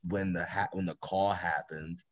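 A man co-hosting a casual basketball podcast, retelling plays in an animated, slangy way. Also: deep voice, normal speed, lo-fi sound. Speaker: podcast co-host.

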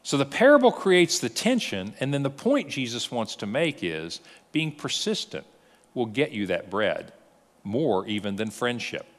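Animated male pastor in a reverberant hall. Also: medium pitch, measured pace. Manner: animated storyteller, acts out dialogue. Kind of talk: sermon teaching.

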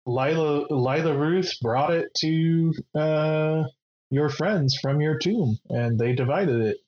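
A guarded woman guild master, calm and measured, weighing every word, as a man puts her on. She speaks slowly and plainly at an ordinary pitch. The sound is a bit dull and muffled.

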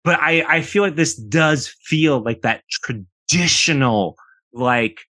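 Lively, bright-voiced man chatting films. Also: a little high, slow, dry recording. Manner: animated, emphatic, repeats words when excited. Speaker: podcast co-host. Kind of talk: casual film-review chat.

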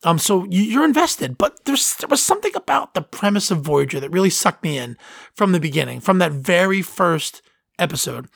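Rambling man with a gravelly voice. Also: high-pitched, sing-song, moderate pace, fairly bright tone, no echo, studio quality. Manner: rambling, enthusiastic, many fillers and restarts. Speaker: podcast host. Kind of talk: casual chat.

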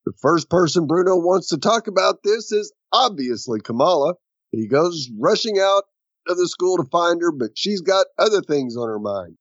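A man's voice: high voice, lively intonation, normal speed, no room sound. A man co-hosting a podcast, reading a recap and chiming in with short agreements in casual chat. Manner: short agreeing replies, earnest. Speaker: podcast co-host. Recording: dry, dull lo-fi audio.

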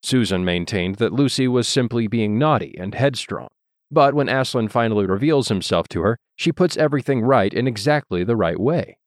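A man narrating an audiobook in a measured, literary reading style. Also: mid-range voice, lively intonation, no echo, studio quality. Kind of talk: scripted narration.

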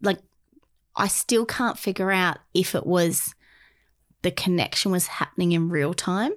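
Woman, lowish voice, soft-spoken, podcast co-host. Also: a little slow, no room sound, clean studio sound. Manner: soft-spoken, brief agreeing replies. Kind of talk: casual review chat.

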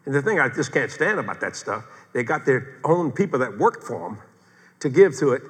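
An older man, a pastor, preaching a sermon in a folksy, animated way, with humor and acted-out quotes, recorded in a church sanctuary. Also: mid-range voice, brisk, big-room sound.

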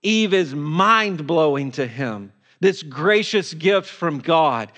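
A man's voice: fairly high pitch, animated, takes it slowly, few pauses, a bit bright. A male pastor preaching a sermon, emphatic and fond of repeating rhetorical questions.

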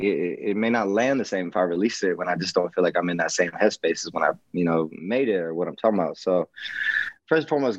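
Deep-voiced man on a dull call line. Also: no room sound. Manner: relaxed, rambling, many fillers and restarts. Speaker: rapper guest. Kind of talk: casual interview chat. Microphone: video call.

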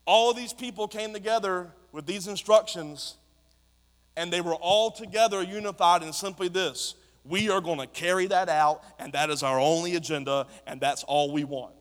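A man preaching with fervor, his voice ringing through a church hall with a long reverb. His tone sits a little high for a man, and his delivery builds in intensity as he calls out to the congregation. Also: normal speed. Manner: impassioned, rising to shouts. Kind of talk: sermon. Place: church sanctuary.

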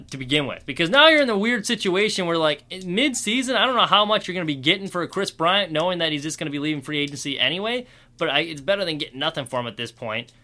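Bright-voiced young man rambling about sports. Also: a little high. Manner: rambling, self-mocking, opinionated. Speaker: podcast host. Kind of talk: solo sports podcast rambling.

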